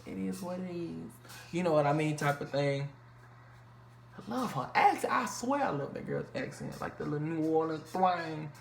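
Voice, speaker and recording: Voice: mid-range voice, lively intonation, moderate pace. A reviewer recapping a reality TV episode in loose, profane, chatty slang with lots of fillers. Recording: echoey room with faint background noise.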